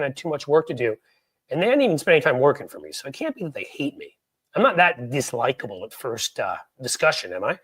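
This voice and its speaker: Live-stream host, a man from New York City, middle-aged, rambling and self-mocking, fairly high voice, dry close mic. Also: fairly bright tone, no room sound. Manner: joking, rambling, self-deprecating. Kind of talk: casual live-stream chat.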